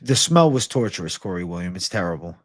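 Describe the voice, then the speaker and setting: A man's voice: low-pitched, sing-song, fast, dry recording, studio quality. A man hosting a casual livestream Q&A, ranting with a lot of swearing and answering viewer comments. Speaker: livestream host.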